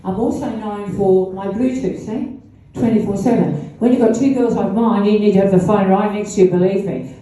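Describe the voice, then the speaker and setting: Heard from a distance in an echoey room, a woman speaks with a medium-pitched, mellow voice at a moderate pace. She's an older guest speaker at a launch event, rambling and chatting to the audience with laughter between asides.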